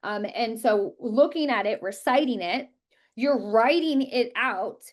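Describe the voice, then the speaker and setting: A woman teaching a real estate class, talking quickly and emphatically and repeating words for stress. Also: fairly high pitch, expressive. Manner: talks quickly. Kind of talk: live class presentation.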